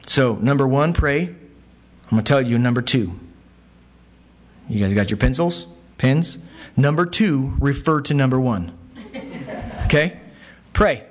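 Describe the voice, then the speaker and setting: A man preaching a sermon in a conversational way, checking in with the congregation with frequent asides and climbing in pitch when he quotes scripture. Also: unhurried, long pauses. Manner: animated, pitch jumps when quoting. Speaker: pastor.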